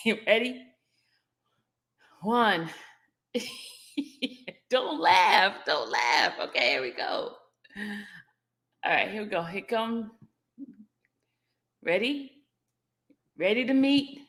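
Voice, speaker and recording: A woman's voice: on the high side, expressive, slow pace, long pauses, a bit bright. A woman hosting a casual livestream, greeting her viewers one by one and laughing as she teases them. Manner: playful, greeting viewers by name; laughs often while teasing the audience. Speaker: livestream host.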